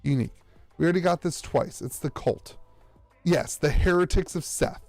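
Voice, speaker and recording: A man's voice: a little high, moderate pace, creaky, darkish tone, dry recording, faint music behind. An American man streaming live as he opens card packs, rambling with sarcastic, self-mocking banter.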